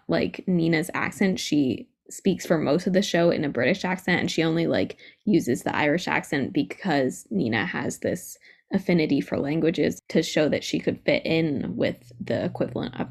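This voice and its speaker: A woman with a lowish, gravelly voice talks through a fan theory in a relaxed podcast chat. She builds her point step by step with examples, casual and analytical.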